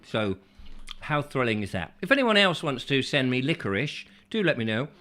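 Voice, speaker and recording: A man's voice: mid-range voice, very animated, moderate pace, sharp tone. A man hosting a chatty live show, reading out viewer comments with playful, rambling asides. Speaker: host.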